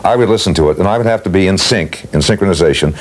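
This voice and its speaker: In an interview, an older man recalls his work as a voice actor, telling anecdotes at an easy storyteller's pace and acting out quotes. His voice is deep and racing.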